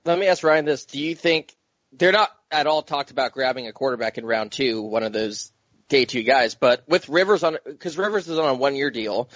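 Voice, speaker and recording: Give me a man in casual sports chat, halting starts, dry and dull sound. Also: medium pitch, fairly bright tone, dry recording. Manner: chatty, hesitant starts.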